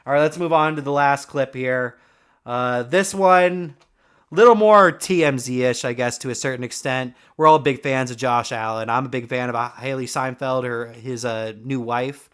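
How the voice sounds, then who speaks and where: A man's voice: mid-range voice, normal speed, a bit bright, clear, resonant tone. Man, podcast host, casual sports talk, joking, laughs often, swears casually.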